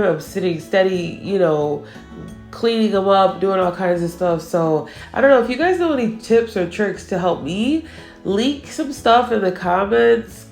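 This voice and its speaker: A woman nail artist giving a casual voice-over for her nail art tutorial, chatty and teasing herself about her own mistakes. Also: fairly low pitch.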